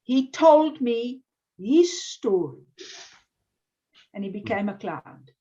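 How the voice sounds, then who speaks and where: A woman telling a deliberate anecdote in a casual online chat. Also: fairly high pitch, expressive, dark tone. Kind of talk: casual storytelling. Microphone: video call. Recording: dull lo-fi sound.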